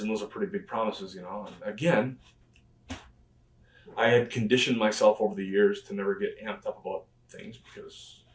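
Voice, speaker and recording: Being interviewed in a conversational storytelling format, a male professional wrestler with a voice on the low side loosely retells past conversations with plenty of fillers. The echoey room and distant mic are clearly audible.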